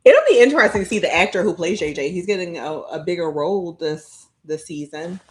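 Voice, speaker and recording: A woman co-hosting a fan podcast live stream, gushing and animated in casual chat. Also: on the low side. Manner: animated, gushing, quick to laugh. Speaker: podcast co-host.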